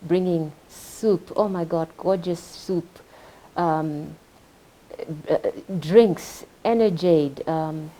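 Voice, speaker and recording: A woman, a hospital administrator on a panel, speaking emotionally and haltingly with repeated words. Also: lowish voice, dark tone. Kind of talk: panel discussion.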